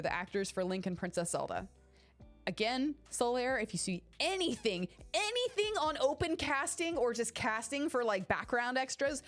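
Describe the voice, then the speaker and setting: A young adult woman streams casual chat, animated and profane, talking to viewers by name. She sounds like she is recovering from being sick. Faint music plays behind her. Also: fairly high pitch. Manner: excitable, swears freely, talks to chat by name. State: recovering from illness.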